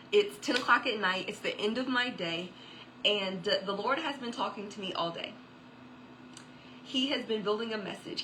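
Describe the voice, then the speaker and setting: A woman's voice: medium pitch, fairly bright tone, a little hiss or hum, low-quality recording. A woman telling a personal faith testimony in a chatty way, with many fillers and asides. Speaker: author giving a testimony.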